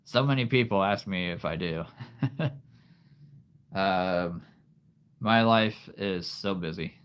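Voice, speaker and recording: A man in his thirties chatting casually as host of a livestream, rambling and halting and laughing often. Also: low-pitched, clean tone. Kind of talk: casual live-stream chat.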